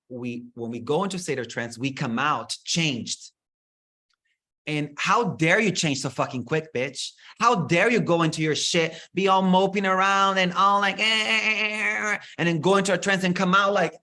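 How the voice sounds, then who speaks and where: A man leading a spiritual workshop in an expressive, casual way, swearing freely and slipping into mocking voices. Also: fairly high pitch. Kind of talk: animated spiritual talk.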